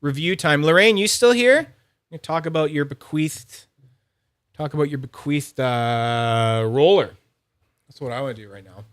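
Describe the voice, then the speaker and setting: A man hosting a fidget toy channel, chatting casually and excitably, rambling, teasing himself and greeting viewers by name. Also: mid-range voice, normal speed, no room sound. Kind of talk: casual rambling livestream-style review.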